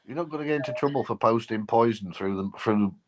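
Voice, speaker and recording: A man's voice: mid-range voice, fast talker, noisy background. A man co-hosting a live stream, chatting casually and teasing. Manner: teasing, jokey.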